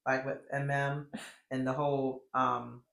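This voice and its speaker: A woman's voice: very deep voice, little pitch movement, measured pace, gravelly, fairly bright tone, slight background noise. A woman hosting a recap show in casual chat, blunt and rambling, with many fillers and frequent swearing. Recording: echoey room.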